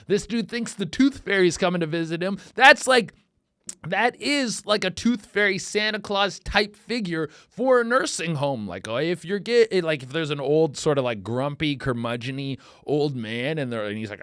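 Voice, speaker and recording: Man, thirties, comedy podcast host, crude rambling monologue, mumbled asides and loud bursts, slightly high pitch, dry close recording. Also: expressive, moderate pace, no echo. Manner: profane, rambling, swings from mumbling to loud outbursts.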